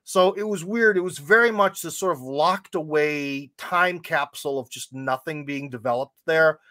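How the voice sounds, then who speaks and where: Podcast host: American man with a higher-than-usual voice, rambling casual chat, wry asides, very dry close sound. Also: normal speed, sharp tone, no room sound. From United States.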